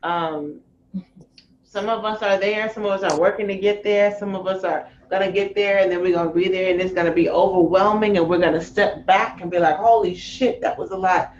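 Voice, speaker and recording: A woman leading an online group class, frank and animated, swearing casually as she teaches. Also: mid-range voice, fairly quick, lo-fi sound, a little hiss or hum. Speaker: course leader.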